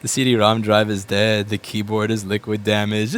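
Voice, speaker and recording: A man's voice: lowish voice, animated. A repair shop owner ranting bluntly and with plenty of swearing as he works at his bench. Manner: blunt and sweary, with quick mocking asides. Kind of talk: profane ranting while working.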